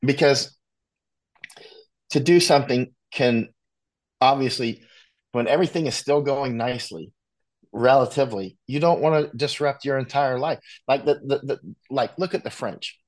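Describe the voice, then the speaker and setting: An American man, a war correspondent guest, talking bluntly in a casual conversation, with frequent restarts and animated asides. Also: mid-range voice, normal speed, long pauses. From United States.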